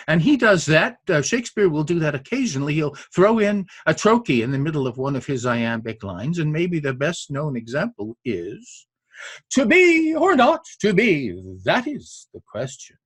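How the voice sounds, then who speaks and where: A man's voice: a little high, slightly rough, dry recording. A man, older, hosting a poetry podcast and giving a spoken lecture on meter, full of enthusiasm, tapping out rhythms aloud with frequent uhs.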